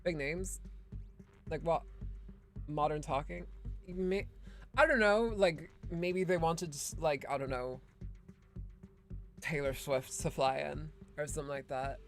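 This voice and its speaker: A woman streams a video game, offering casual, sarcastic commentary that rambles and is packed with fillers like "like" and "um." Her voice is low-pitched and slow, with long pauses, and faint music plays behind her.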